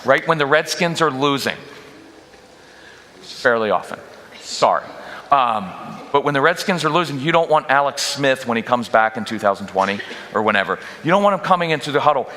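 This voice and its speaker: A man with a bright, forceful voice addresses a live church audience in a parenting workshop. He talks energetically, cracks jokes and slips into quoted voices of parents and children. His voice rings out with the long reverb of a big church hall. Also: medium pitch, moderate pace. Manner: energetic, jokey, acts out quoted parents and kids. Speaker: guest parenting speaker. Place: church auditorium.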